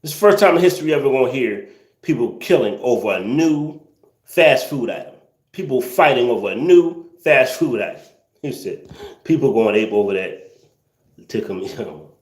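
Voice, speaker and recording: A man's voice: mid-range voice, lively intonation, normal speed, roomy sound. A man hosting a casual livestream, reading viewer comments and ranting with incredulous laughter and slang.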